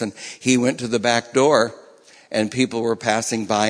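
A man delivers a sermon in a loose, conversational way, circling back and restarting his phrases as he builds a point. His voice sits at an ordinary middle pitch. The sound carries the long reverb of a large hall. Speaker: pastor.

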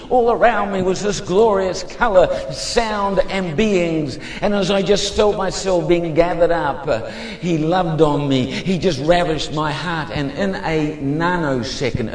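A man giving a fervent testimony sermon as a preacher, moving between hushed and emphatic speech. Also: high-pitched, echoey room, in a large hall.

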